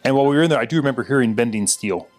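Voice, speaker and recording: A man's voice: mid-range voice, lively intonation, rapid-fire, music in the background. A middle-aged father on a family podcast, making joking asides. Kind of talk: casual podcast chat.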